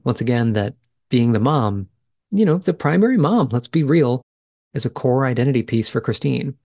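Guy doing a chatty recap podcast, mid pitch, dry close sound, thinks out loud. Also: dry recording. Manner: chatty, thinks aloud, reacts in real time. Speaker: podcast host. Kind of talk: casual recap commentary.

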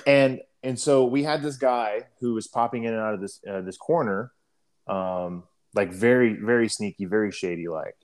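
Young adult man, lowish voice, casual profane storyteller, throat-clearing habit. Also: normal speed. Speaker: guest telling a war story.

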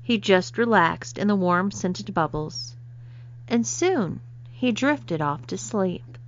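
Calm woman narrating a story. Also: medium pitch, slow pace, slight background noise. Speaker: story reader. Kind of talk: scripted narration. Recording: slightly dull lo-fi recording.

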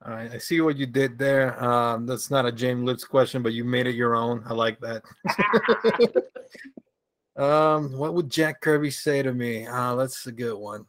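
On a podcast as a guest, this Venezuelan comic creator chats in a relaxed, hesitant way, laughing a lot and dropping f-bombs in a casual interview. His mid-range voice moves a little slowly, with a dry, close sound and no echo.

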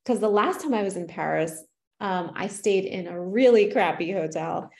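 A woman's voice: medium pitch, animated, normal speed, gravelly. A woman podcast host and artist, chatting casually and affirming her guest with enthusiasm. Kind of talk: casual conversational interview.

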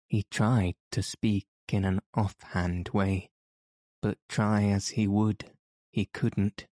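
A man narrating a classic story in a measured, even way, as an audiobook reader. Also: lowish voice, no room sound, clean studio sound.

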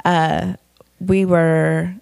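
A woman co-hosting a podcast in casual chat, telling stories with excited jumps in her voice. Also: lowish voice, very slow, vocal fry, smooth. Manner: animated storyteller, voice jumps up when excited. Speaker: podcast co-host.

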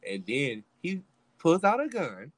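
A young podcast co-host with a highish voice tells a story a little slowly, his pitch swinging hugely, with no echo. He's theatrical, performing every quote and swearing liberally.

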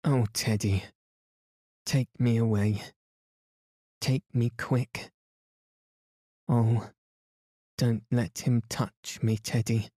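A frightened young girl pleads to be saved, voiced by a man reading aloud. Her voice stays warm and dry, only slightly lifted, and the delivery is unhurried, as in a storybook reading. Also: medium pitch, fairly even intonation, dry recording. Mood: pleading. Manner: frantic, pleading.

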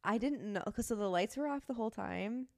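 A young woman leading a game of questions in casual chat with friends, teasing and quick to laugh, swearing casually. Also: on the high side, creaky, dry recording, clean studio sound. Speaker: game leader asking the questions.

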